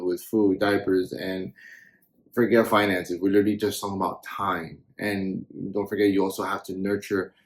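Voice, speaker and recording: Deep gravelly young dad, earnest. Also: male voice. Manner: earnest, halting, repeats himself. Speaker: parent vlogger, co-host. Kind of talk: casual parenting advice chat.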